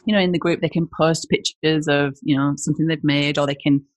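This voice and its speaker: A woman's voice: low voice, fairly even intonation, fairly quick, no room sound. A woman with an Australian accent, a business founder talking as a podcast guest in a rambling, chatty way full of "you know, like". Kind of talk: casual podcast interview.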